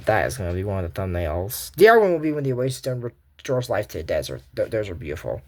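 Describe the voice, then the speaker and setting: A man's voice: fairly low pitch, very animated, fast talker. A man hosting a video and giving a casual recap of a cartoon episode, rambling with many restarts and asides. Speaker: video host.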